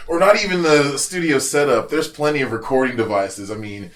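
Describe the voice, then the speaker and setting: A man's voice: medium pitch, fairly quick, a bit bright. A middle-aged man from Kansas, a musician guest talking casually and joking with plenty of profanity on a podcast. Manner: laid-back, profane, joking.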